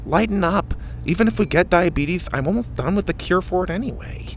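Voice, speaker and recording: Storybook figure: man playing a lisping boy genius, cocky and eccentric, pitched up. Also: lively intonation, a little fast, slight background noise. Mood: teasing. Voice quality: lisp.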